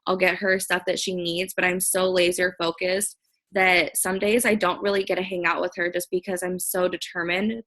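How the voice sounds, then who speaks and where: A woman's voice: on the low side, fairly bright tone, rough recording. A young woman on a video call, chatting earnestly and casually with lots of fillers, encouraging her team. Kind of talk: casual motivational chat.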